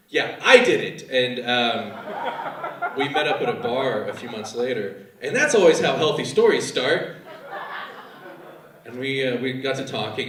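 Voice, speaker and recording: Male stand-up, crude storyteller, lively pitch, roomy echo, mic at a distance. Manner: crude storytelling, acting out quoted characters. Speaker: stand-up comedian. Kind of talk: stand-up comedy set. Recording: echoey room, from a distance.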